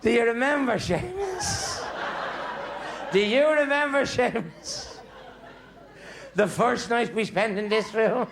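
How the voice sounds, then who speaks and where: A man with an Irish accent voicing a feisty ninety-three-year-old Irish grandmother in a shrill, cackling old woman's voice. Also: expressive, slow pace, long pauses, echoey room, crowd noise, background noise, full character voice. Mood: coy.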